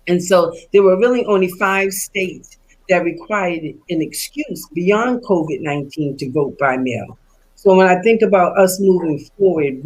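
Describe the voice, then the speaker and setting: A woman speaking on a panel, explaining voting policy in an earnest, steady way with occasional fillers. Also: on the low side, rough recording. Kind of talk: panel discussion remarks.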